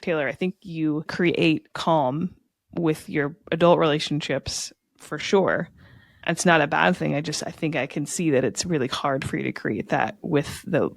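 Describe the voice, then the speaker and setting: A woman's voice: low-pitched, a little slow, vocal fry, no echo. A woman co-hosting a podcast, speaking earnestly and reflectively in casual chat. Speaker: podcast co-host.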